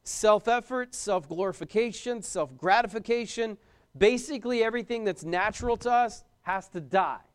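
A man's voice: high-pitched, moderate pace, clean tone. A young man preaching a sermon as a pastor, emphatic, repeating key phrases and questioning his listeners.

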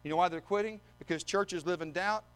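Male preacher with a high, bright voice; emphatic delivery with dry humor. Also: fairly quick, clear, resonant tone. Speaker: visiting preacher. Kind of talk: sermon with scripture reading.

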